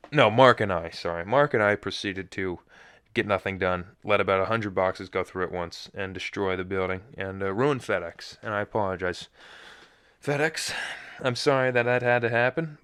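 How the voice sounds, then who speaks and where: Young guy podcasting solo, goes off on tangents, pokes fun at himself, low smooth voice. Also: fairly bright tone, no room sound, studio quality. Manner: rambling, self-mocking storytelling with tangents. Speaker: podcast host. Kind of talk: casual solo chat.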